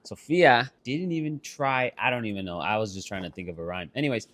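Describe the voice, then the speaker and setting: A young man with a lowish voice talks fairly quickly while co-hosting a podcast with his sister. He tells a story casually and animatedly, swearing a lot.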